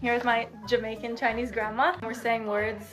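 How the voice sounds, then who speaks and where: A woman's voice: a little high, flat delivery, normal speed. A young woman with a Canadian accent, playfully quizzing someone. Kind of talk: casual chat.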